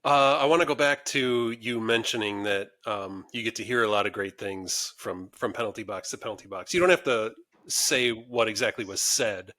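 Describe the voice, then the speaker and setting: A man's voice: fairly low pitch, normal speed, sharp tone. A man co-hosting a podcast, asking a guest a long, rambling question. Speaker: podcast co-host. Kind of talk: casual podcast interview.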